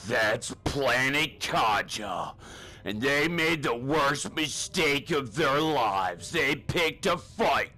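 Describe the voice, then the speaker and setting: A crude, bullying drill sergeant, as a man puts him on, barking slow, deliberate orders. The voice is bright and pushed, with a gruff, mocking edge, and the delivery stays unhurried. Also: mid-range voice, animated, faint music behind, heavily acted. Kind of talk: comedic spoof acting.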